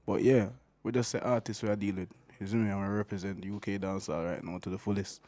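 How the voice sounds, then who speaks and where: A man speaks in a fairly low voice as a guest on a music chat. He sounds laid-back and keeps tagging his sentences with "you see me". His delivery is easygoing. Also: fairly even intonation, fast talker, dark tone. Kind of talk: casual interview chat.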